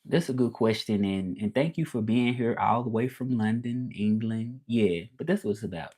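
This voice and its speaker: A man's voice: lowish voice, moderate pace, darkish tone, husky. A man from Memphis with a Southern US drawl, chatting casually on a livestream as a language teacher, laid-back and repeating himself as he answers viewers. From Memphis, Tennessee, United States.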